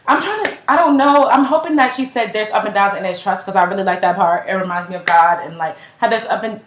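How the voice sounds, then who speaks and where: A woman's voice: medium pitch, slight background noise. A young woman chatting casually in a music reaction video, gushing and filling every sentence with "like" and slang. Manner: gushing, heavy use of "like" and slang. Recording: echoey room.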